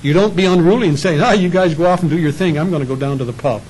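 A man's voice: a little high, quick pace, a little mellow, slight background noise, rough recording. A man preaching a sermon in a conversational way, sometimes acting out little voices for the people in his stories. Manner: conversational preaching with acted asides. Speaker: pastor.

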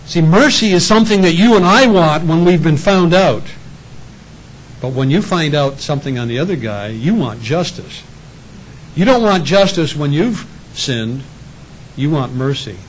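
An expressive man on the high side preaches at a normal speed, the rough recording carrying a little hiss or hum. As a pastor he keeps things conversational and sometimes performs little voices for the figures in his stories.

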